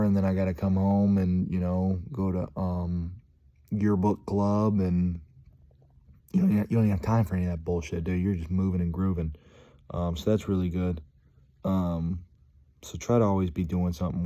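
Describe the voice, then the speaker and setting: A man's voice: low voice, warm tone. A young man talking casually to his viewers in a rambling, slangy vlog monologue, full of fillers and calling people "dude". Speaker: vlogger.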